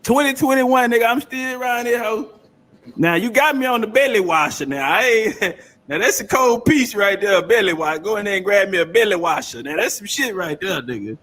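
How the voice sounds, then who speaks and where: A man with a very high voice reacts to a clip. He talks in a loud, profane, rambling way, breaking into laughter often. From South Carolina. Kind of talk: casual reaction commentary.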